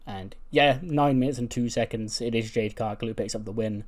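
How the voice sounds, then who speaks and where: A man gives casual, rambling commentary on a wrestling management game. He recounts the action loosely and laughs often between points. His voice sits at an ordinary middle pitch. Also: fairly quick.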